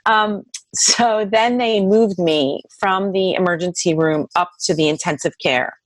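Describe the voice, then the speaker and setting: A middle-aged woman telling her own near-death story in an interview, lively and full of "like" fillers. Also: unhurried, dry recording. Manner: lively, acts out dialogue in high voices, many "like" fillers.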